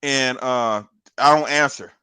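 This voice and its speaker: A man's voice: mid-range voice, unhurried, bright, forceful tone, clean tone, no echo. A man co-hosting a podcast, telling a long story in casual chat, swearing, laughing often and acting out what other people said. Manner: acts out other people's lines while retelling. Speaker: podcast co-host.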